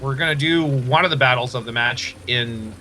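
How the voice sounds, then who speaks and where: A man casting a live tank match, excitable, laughing often and stumbling over player names. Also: medium pitch, moderate pace, a little hiss or hum. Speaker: esports caster.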